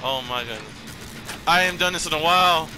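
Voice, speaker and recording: A man hosting his gaming channel, giving casual gameplay commentary with loud, excitable, repeated exclamations. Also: a little high, fast talker, noisy background. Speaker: gaming YouTuber host.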